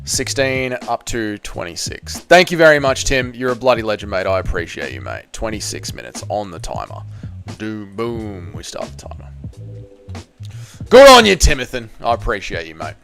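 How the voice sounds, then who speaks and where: A man's voice: on the low side, sing-song, moderate pace, gravelly, fairly bright tone, soft background music. An Australian man hosting a casual live stream, rambling, joking and swearing freely while reading chat. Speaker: livestream host reading chat.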